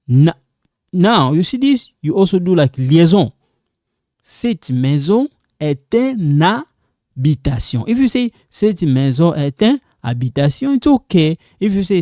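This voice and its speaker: A man speaking in a dry, close recording with a mellow, somewhat high voice. He teaches beginners in an unhurried, patient way, repeating words and reassuring them that it's okay. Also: dry recording. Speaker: French teacher. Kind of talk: recorded beginner language lesson.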